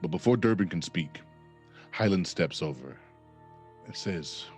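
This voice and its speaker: A man's voice: deep voice, lively intonation, a little slow, darkish tone, faint music behind. A man narrating a tabletop game as game master with dramatic, descriptive narration.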